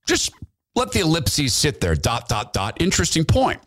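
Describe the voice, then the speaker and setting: A man's voice: on the high side, huge pitch swings, moderate pace, a bit bright. A man hosting a podcast, giving fervent, repetitive, preachy commentary into a studio mic. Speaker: podcast host. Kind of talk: impassioned political commentary.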